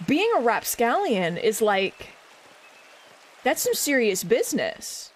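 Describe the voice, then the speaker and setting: A woman's voice: fairly high pitch, big pitch swings, slow pace, a little hiss or hum. A young woman streamer joking and chatting as she plays a story game, reading along and talking to the characters. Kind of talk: live gameplay commentary.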